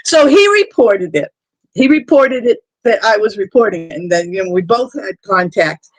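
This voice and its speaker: A man's voice: high voice, lively intonation, moderate pace, no echo. A man hosting a live stream, telling rambling personal stories in casual chat. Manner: rambling anecdotal storytelling. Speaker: stream host.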